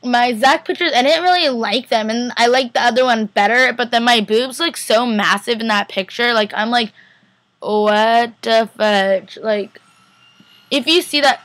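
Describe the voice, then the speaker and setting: A woman's voice: fairly high pitch, normal speed, fairly bright tone, no echo. A young woman from Northern California giving a chatty, rambling convention recap vlog, full of "like" and quoted back-and-forth. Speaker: fan vlogger.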